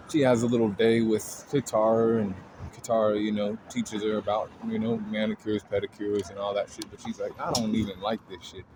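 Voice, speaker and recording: A man's voice: fairly low pitch, background noise. Rambling man telling a story casually. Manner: loose, rambling, full of fillers and swearing.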